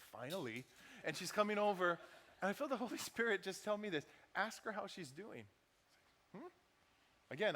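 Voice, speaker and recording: In a church sanctuary, a pastor with a fairly bright, slightly high voice preaches a sermon in a conversational way, acting out what people said. The recording has the reverb of a church hall.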